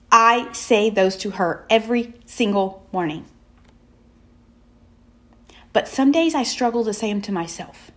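A woman with a mid-range voice gives a faith-based motivational talk, repeating emphatic affirmations and leaving slow, drawn-out pauses.

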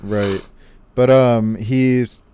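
A man in casual podcast chat, animatedly retelling a cartoon episode and jumping into silly voices for the characters. His voice sits at an ordinary pitch. The recording is close and dry, with no room sound. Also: smooth, no echo. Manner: animated, acts out character lines in quick voices. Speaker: podcast co-host.

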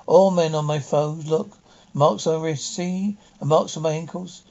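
A man's voice: steady tone, moderate pace, a little mellow, lo-fi sound, lightly acted. A man voicing an insane, murderous male innkeeper who roars and gloats. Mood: raving. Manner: roaring, booming mad laughter.

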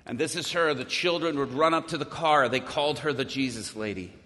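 A man preaching a sermon as a story, swinging from strong, ringing lines down to hushed, near-whispered ones. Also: medium pitch, a little fast. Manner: dramatic, drops to a hushed near-whisper at emotional points. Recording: echoey hall.

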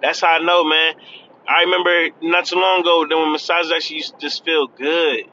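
A man's voice: on the high side, flat delivery, brisk, bright, forceful tone, lo-fi sound, slight background noise. A man of thirty talking in a casual, chatty vlog from his car, laughing and admitting he is nervous. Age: 30s. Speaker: vlogger. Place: in a car on the freeway.

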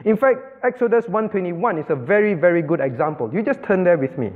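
High-voiced man preaching in a reverberant hall. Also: expressive, fairly quick. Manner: explains step by step, often checks understanding with the audience. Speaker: pastor. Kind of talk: teaching sermon. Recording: phone-like band, long hall reverb.

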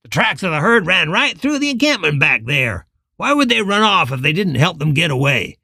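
A man's voice: fairly high pitch, big pitch swings, moderate pace, vocal fry, pushed and bright, breathy edge, dry recording, clean studio sound, exaggerated voice. A man voicing a hot-tempered, scarred rancher gunman who spits and hisses his words. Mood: vicious. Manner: angry, spitting, hissing.

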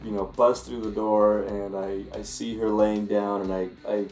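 Calm, halting man in an echoey room. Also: lowish voice. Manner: halting, full of restarts, calm. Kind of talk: casual conversational chat.

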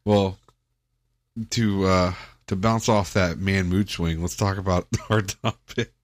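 Brief: deep-voiced young male podcast co-host, joking and easygoing, close dry mic. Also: steady tone, slow, no echo. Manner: joking, playful, laughs often. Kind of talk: casual chat. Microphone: studio headset mic.

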